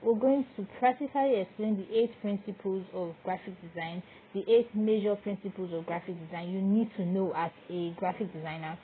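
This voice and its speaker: A woman's voice: mid-range voice, fairly quick, few pauses. A woman teaching graphic design, explaining step by step as she works on screen. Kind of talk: screen-recorded tutorial. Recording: tinny, phone-like audio with faint noise.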